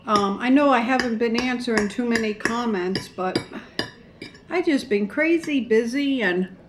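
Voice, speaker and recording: A woman's voice: fairly high pitch, a little slow, slight background noise. A middle-aged woman chatting casually to camera during a mukbang, rambling and folksy. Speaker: mukbang vlogger. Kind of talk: casual chat to camera while eating.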